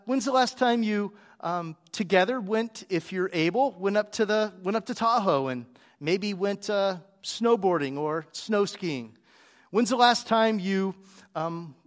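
High-pitched pastor guy telling a story in a sermon, echoey big room. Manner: animated storytelling, acts out dialogue.

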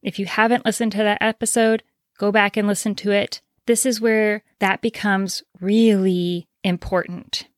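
Woman, podcast host, solo advice talk, direct, rhetorical questions, medium pitch, dry recording. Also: level tone, moderate pace, no echo.

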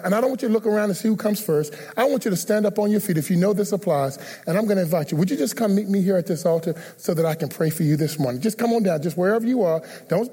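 A male pastor with a high, mellow, slightly husky voice gives an earnest sermon altar call, pleading with listeners again and again to come forward. His words carry a long echo, as if he is in a large church hall. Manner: earnest, repetitive pleading invitations. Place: church sanctuary.

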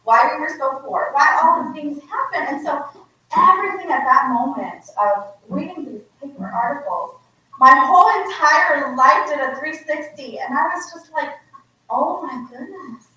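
A woman's voice: sits high, moderate pace, distant mic. A woman author giving an unplanned, heartfelt personal story to a live audience in an echoey room. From United States. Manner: earnest, heartfelt, animated. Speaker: author and guest speaker. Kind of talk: unprepared personal storytelling talk.

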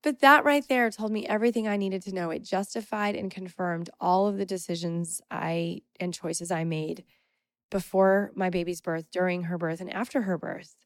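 A woman's voice: on the low side, fairly even intonation, moderate pace, no room sound, studio quality. A young adult woman hosting a podcast, telling a personal story in an emphatic, indignant, casual way. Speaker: podcast host.

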